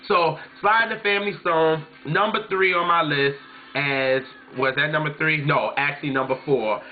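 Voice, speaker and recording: A man's voice: on the high side, normal speed, slight background noise. A man vlogging casually about music, telling stories, imitating his mom and singing snatches of songs. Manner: chatty, storytelling, often mimics his mom and sings snatches. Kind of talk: casual chat. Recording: tinny phone-like sound.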